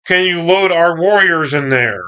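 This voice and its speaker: A man's voice: a little high, measured pace, sharp tone, clean tone, voice pushed up. Optimus Prime, a noble robot leader, read by a man. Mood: earnest. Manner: earnest, commanding.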